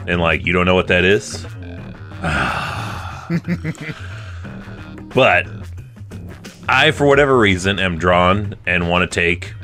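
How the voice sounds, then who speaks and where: A man's voice: low-pitched, sing-song, takes it slowly, pauses often, bright, forceful tone, faint music behind. A man co-hosting a podcast in casual chat, blunt and jokey, swearing often. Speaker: podcast co-host.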